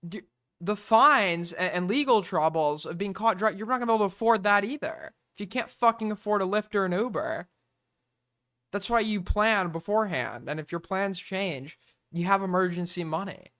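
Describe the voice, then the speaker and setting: A man's voice: high voice, moderate pace, sharp tone. A man streaming, reacting to a video with blunt, profane, exasperated commentary.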